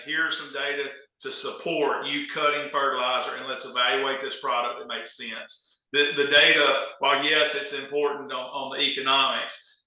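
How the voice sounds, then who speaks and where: A man with a Southern US accent, a soil consultant, explaining things in a measured way as an interview guest. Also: medium pitch, bright, forceful tone, heavy reverb, rough recording. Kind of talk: casual interview.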